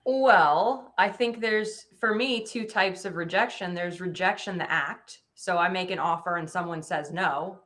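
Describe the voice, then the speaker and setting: A woman in a casual chat, explaining her ideas in a measured way. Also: on the low side, a bit bright.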